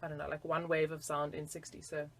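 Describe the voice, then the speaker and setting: A woman's voice: low-pitched, completely flat delivery, fast talker. A woman teaching flute in a casual video lesson, chatty and giggly with self-deprecating asides.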